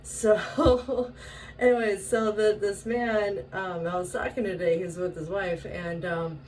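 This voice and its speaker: A woman from Washington state telling a story in a casual, animated way, laughing often and acting out the voices she quotes. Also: lowish voice, a little slow. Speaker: vlogger. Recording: distant mic with faint ambient noise.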